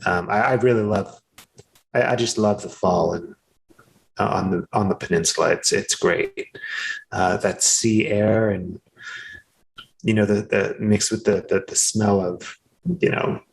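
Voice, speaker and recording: A man's voice: lowish voice, fairly even intonation, vocal fry, a little hiss or hum, poor audio. A man voicing a chatty female gnome who rambles fondly and halts over her words. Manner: rambling, halting, fond.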